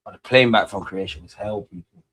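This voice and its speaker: A man's voice: on the low side, lively intonation, fairly quick, vocal fry, fairly bright tone. A man, rambling through casual live football watch-along commentary with slangy banter. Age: 30s.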